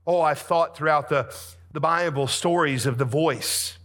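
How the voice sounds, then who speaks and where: Fervent male preacher with a high-leaning voice. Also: unhurried. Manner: dramatic preaching that swings between soft and booming. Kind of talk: sermon.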